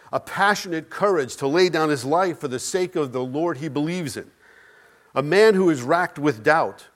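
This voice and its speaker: Emphatic preacher man, higher voice. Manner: emphatic, dramatic pauses, swings loud and soft. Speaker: pastor. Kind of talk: Easter sermon.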